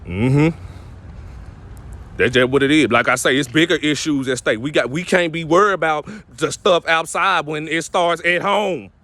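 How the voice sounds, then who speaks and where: Young man, twenties, ranting vlog, blunt street slang, preachy, slightly high voice, in a vehicle. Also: moderate pace, fairly bright tone. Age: 20s. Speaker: vlogger. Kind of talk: ranting monologue to camera.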